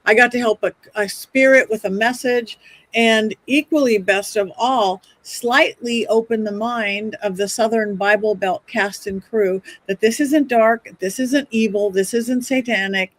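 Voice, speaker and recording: A middle-aged woman and psychic medium, telling stories on a podcast in a chatty, animated way, often restarting her sentences. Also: a little high, unhurried. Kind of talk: casual podcast storytelling.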